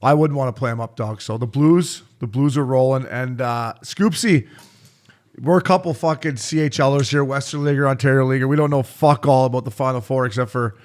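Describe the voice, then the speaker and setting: A man co-hosting a casual sports podcast, excitable and swearing freely as he breaks down the week's hockey. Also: mid-range voice. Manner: profane, excitable, fast-talking. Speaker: podcast co-host, former junior hockey player.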